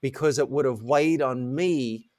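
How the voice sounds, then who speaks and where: A man telling a candid, self-mocking story as a guest in a podcast interview, with lively animated delivery. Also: medium pitch, unhurried, no echo, studio quality. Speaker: guest, coach.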